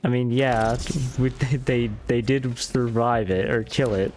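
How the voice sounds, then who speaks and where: A man's voice: medium pitch, steady tone, a little slow, darkish tone. A man streaming a card game, talking through his moves in a casual, wry way and muttering dry asides at his opponents. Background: music playing.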